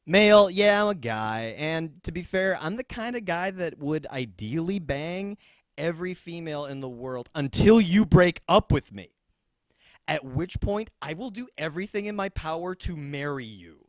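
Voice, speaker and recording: A young man performing a stand-up comedy set, dropping into deadpan asides and bursting into loud yells. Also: a little high, moderate pace, no echo.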